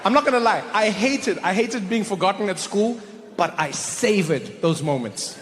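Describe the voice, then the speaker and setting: A man's voice: sits high, normal speed, slight background noise. A male stand-up comedian telling a story animatedly, acting out characters on a live stage. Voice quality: animated, acts out characters, stammering restarts. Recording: live stage, long hall reverb.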